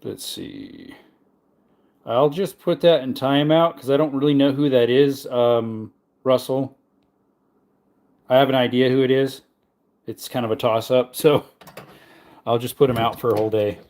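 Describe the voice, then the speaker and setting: A man in the middle of his range hosts a casual livestream. He mumbles offhand asides and joking replies to chat as he works, at an even, unhurried pitch. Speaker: livestream host. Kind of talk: casual livestream chat while reloading ammunition.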